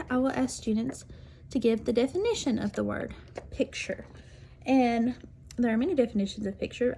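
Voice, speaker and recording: A woman teacher demonstrating literacy activities, speaking clearly and deliberately and sounding out word parts slowly. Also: on the high side, warm tone, slight background noise. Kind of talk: instructional demonstration.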